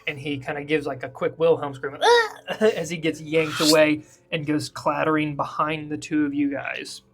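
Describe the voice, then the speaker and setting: A man's voice: a little high, little pitch movement, moderate pace, fairly bright tone. A man running a tabletop game as game master, narrating casually and laughing often, with faint music behind. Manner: casual, laughs often, thinks aloud while drawing the map.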